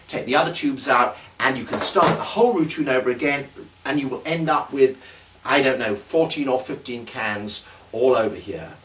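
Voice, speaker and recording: A man's voice: mid-range voice, fairly bright tone, far from the mic, a little hiss or hum. A British man, a magician, explaining a trick and then performing its showman patter in a theatrical, exclamatory way.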